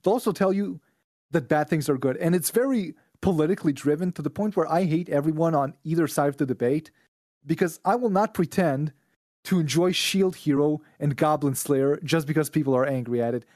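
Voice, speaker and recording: A man's voice: on the high side, fairly quick, darkish tone, dry recording, studio quality. A man from Israel, a podcast guest, ranting bluntly and profanely in casual chat.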